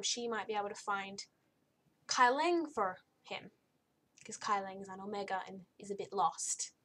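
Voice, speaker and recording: A young woman giving a casual, blunt and exasperated spoken book review, rambling with frequent restarts. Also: medium pitch.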